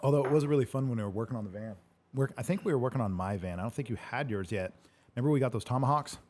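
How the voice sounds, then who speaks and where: A man's voice: medium pitch, rapid-fire, darkish tone. A man telling a loose story as host of a casual chat. He rambles, laughs often and swears without a second thought. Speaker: host answering live questions.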